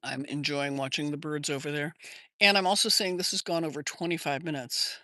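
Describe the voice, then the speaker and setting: Older American woman, bright crisp voice, rambling livestream host chatting outdoors, dry close phone sound. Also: sits low, steady tone, brisk, no echo. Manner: rambling and chatty, answers viewer comments. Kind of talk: casual livestream chat. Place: outdoors in her yard.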